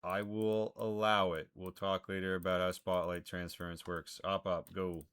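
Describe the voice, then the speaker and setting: A man's voice: sits low, flat delivery, moderate pace, a bit bright, clean tone. A man running a tabletop game as game master, making casual rulings and narrating the action in loose slang.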